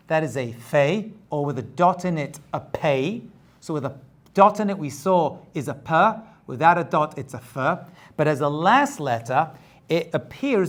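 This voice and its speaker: Patient male teacher checking in often. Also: a little high. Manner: patient, repeats points and checks in with "okay?"; corrects his own slips on the fly. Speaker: rabbi teaching Hebrew script. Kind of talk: step-by-step lesson.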